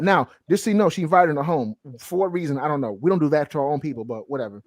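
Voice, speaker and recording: A man from the Southern United States hosting a casual comic-review podcast, animated and joking, with frequent laughs and restarts. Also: on the high side, racing, no echo, studio quality. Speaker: podcast host. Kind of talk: casual chat.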